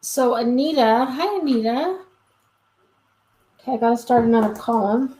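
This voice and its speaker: A woman's voice: fairly high pitch, normal speed, warm tone. Chatty woman dog trainer, roomy echo. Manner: chatty, frequent "um", acts out quoted exchanges. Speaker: dog trainer answering live questions. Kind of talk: live Q&A, casual explaining.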